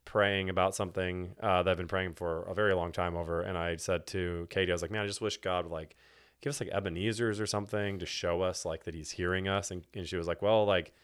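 Low-voiced man talking faith casually. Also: fairly even intonation, quick pace, fairly bright tone, smooth. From Texas. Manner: rambling, many restarts and fillers, laughs often. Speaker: podcast guest, church elder candidate. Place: indoor room with host.

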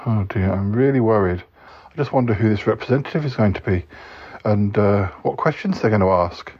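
A man with a lowish, husky voice hosts a comic podcast skit, speaking fairly quickly and sounding fretful and easily worried. The recording is dull and lo-fi.

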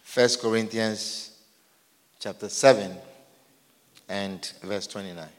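A man preaching a sermon, emphatic and repetitive, often rising to shouts. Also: fairly low pitch, fairly even intonation, slow, big-room sound.

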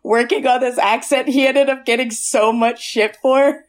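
A woman's voice: a little high, fairly even intonation, normal speed. A woman podcast host chatting casually about a movie, rambling with many fillers and restarts.

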